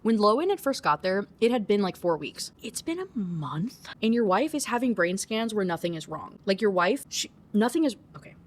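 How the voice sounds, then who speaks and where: A woman giving a casual rant review of a book, animated, swearing often and breaking into laughter. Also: medium pitch, moderate pace, few pauses.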